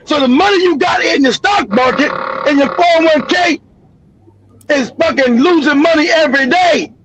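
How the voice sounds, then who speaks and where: A man's voice: extremely high pitch, normal speed, fairly bright tone, no room sound, rough recording. A middle-aged man giving heated, profane commentary on a livestream, swearing freely and laughing at his own jokes.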